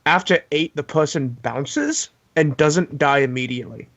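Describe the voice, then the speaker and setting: A man playing a tabletop game, talking eagerly and quickly jumping in. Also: on the high side, fairly bright tone, muffled recording. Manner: eager, talkative. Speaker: player. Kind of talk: casual tabletop play.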